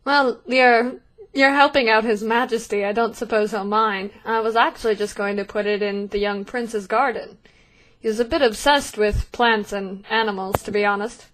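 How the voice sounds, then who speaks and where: A huffy royal groundskeeper, voiced by a woman, answers with dry sarcasm and a sigh in his voice. The voice is bright and fairly high. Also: fairly even intonation, moderate pace, lightly acted, poor audio. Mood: mild. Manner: sarcastic, eye-rolling.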